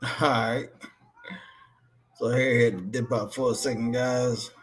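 Laid back guy on a stream cracking up reading chat out loud, medium voice. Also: medium pitch, fairly even intonation, a little slow. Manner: laughing, teasing, tags lines with "boy". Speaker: co-host of a wrestling live stream. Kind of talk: casual chat, reading viewer comments aloud.

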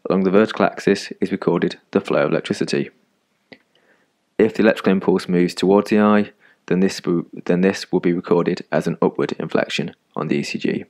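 Calm deep-voiced man explaining a lesson. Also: gravelly. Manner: calm, measured explanatory delivery. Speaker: medical educator narrating an animated lesson. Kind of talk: scripted voice-over narration.

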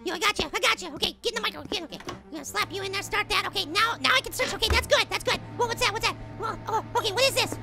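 A squeaky tiny cartoon apple. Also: male voice, very fast, gravelly, few pauses, over music. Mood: flustered. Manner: frantic, flustered and rambling. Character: tiny male apple, jittery and whiny. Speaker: gaming host. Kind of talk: cartoon let's play commentary.

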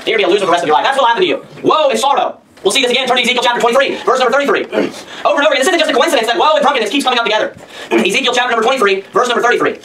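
A man preaches a sermon at a breakneck pace, his voice pitched very high. He hammers his points home with rhetorical questions and reads scripture aloud. He sounds set back from the mic, with a faint noise underneath. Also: racing, fairly bright tone, far from the mic, poor audio.

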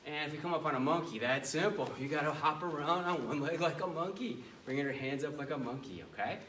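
Coaching a children's karate class, this instructor speaks fast in a slightly high, somewhat bright voice. He comes across as commanding and playful, captured from afar in an echoey space with slight background noise.

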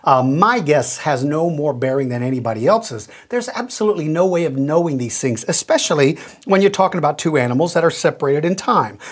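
A man's voice: a little high, slightly rough. A middle-aged man hosting a question-and-answer show, explaining things in a friendly, folksy way straight to young viewers. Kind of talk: casual explanatory talk.

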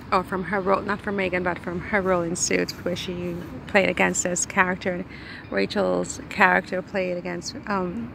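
Chatty woman vlogging, gravelly edge. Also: fairly low pitch. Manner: chatty, rambling, talks while eating. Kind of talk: casual chat to camera. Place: outdoors in hot weather. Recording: faint background noise.

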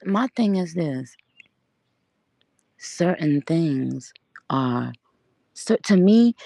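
A woman chatting casually and profanely on a livestream, rambling, laughing often and talking with animated energy. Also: on the low side, creaky, no echo. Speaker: livestream host. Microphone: audio livestream from home.

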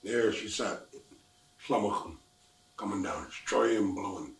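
An elderly man from the Lummi Nation telling a traditional story in simple, repetitive, unhurried phrasing. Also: fairly low pitch. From Lummi Nation, Washington, US. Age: older. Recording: echoey room, distant mic.

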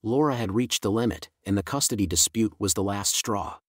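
A middle-aged man gives a scripted first-person story narration. His low voice stays even and steady throughout. The recording is dry and close. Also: brisk, husky, no echo.

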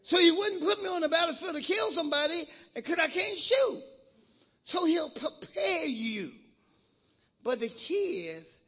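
A male preacher leading a call-and-response sermon in a church, swinging from loud shouts to hushed prayer. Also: very high voice, very animated, unhurried. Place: church sanctuary.

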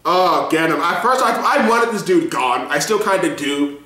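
Male reviewer, high and bright, loose and profane, quick to laugh, echoey room. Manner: excitable, profane, laughing often. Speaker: show reviewer. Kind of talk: casual reaction review.

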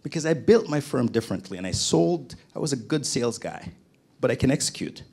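A middle-aged man from Jamaica, a podcast guest, telling his story in lively conversation and acting out the people he quotes. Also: mid-range voice, brisk, vocal fry, slightly rough. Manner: animated storyteller, acts out quoted voices.

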